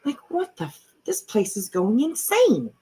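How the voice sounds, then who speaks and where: A woman's voice: fairly high pitch, sing-song, measured pace, dark tone, slightly rough, poor audio. A middle-aged woman hosting a casual livestream from home on a computer mic. She talks in a rambling, chatty way and swears freely. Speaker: livestream host.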